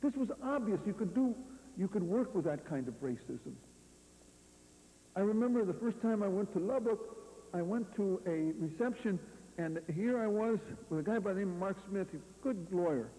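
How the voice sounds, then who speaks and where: High-pitched man lecturing in an echoing hall. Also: animated, normal speed, mellow. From California. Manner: throws rhetorical "what?" questions to the audience and tags lines with "you see". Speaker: guest lecturer. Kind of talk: rambling storytelling lecture to an audience. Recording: reverberant hall, faint hum, poor audio.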